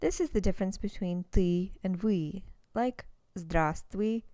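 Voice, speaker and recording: A woman teaching a recorded language lesson, explaining step by step and saying example words slowly and carefully. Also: medium pitch, fairly even intonation, mellow, no room sound.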